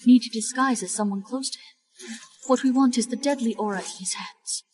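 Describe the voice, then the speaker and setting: An actress playing a cold, scheming woman in disguise in an animated drama, lecturing in a scornful tone. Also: a little high, normal speed, close to an everyday voice, poor audio.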